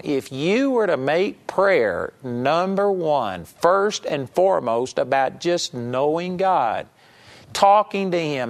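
A man with a Texan accent giving an earnest, folksy sermon as a Bible teacher. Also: a little high. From Texas. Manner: folksy and earnest, acts out mock prayers. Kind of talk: conversational sermon.

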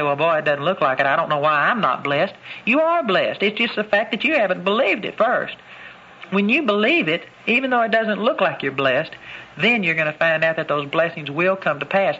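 A man's voice: sits high, sharp tone. A man preaching a sermon, emphatic and fond of repeating his key phrases. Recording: dull lo-fi recording with faint noise.

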